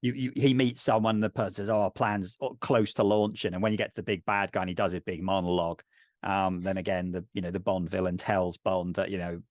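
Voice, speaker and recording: A man's voice: sits low, little pitch movement, brisk, darkish tone, no echo, clean studio sound. A man co-hosting a podcast, thinking aloud about game design in a rambling, filler-heavy way. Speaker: podcast co-host. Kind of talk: casual discussion of game design.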